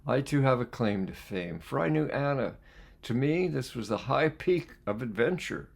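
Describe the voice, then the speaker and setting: A man with a gravelly edge to his voice reads a book aloud at a mid-range pitch. He takes his time and stops now and then to ask his listeners questions, like a coach talking between passages. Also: lively intonation, moderate pace. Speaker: life skills coach reading a book aloud. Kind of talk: reading aloud with spoken asides.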